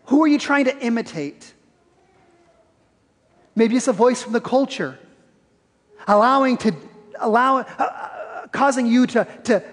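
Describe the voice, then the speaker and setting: A man preaching a sermon in a church, earnest and probing, asking the congregation pointed questions. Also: high-pitched. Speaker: pastor. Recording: reverberant church hall.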